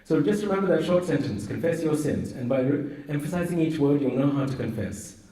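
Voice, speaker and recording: A priest giving a humorous sermon, teasing with rhetorical questions. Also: male voice, a little high, lively intonation, brisk, dark tone, recorded from a distance. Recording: roomy echo, voice from afar.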